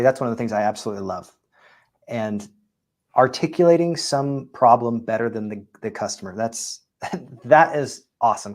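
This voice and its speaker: Give me a man hosting an interview, appreciative and affirming. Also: mid-range voice. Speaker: podcast host. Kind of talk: interviewer wrap-up.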